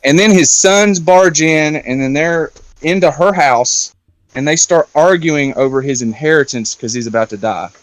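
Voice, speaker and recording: A man's voice: fairly high pitch, moderate pace, no room sound. A man in a casual round-table talk, loosely retelling a film plot with lots of fillers and swearing. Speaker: round-table discussion guest.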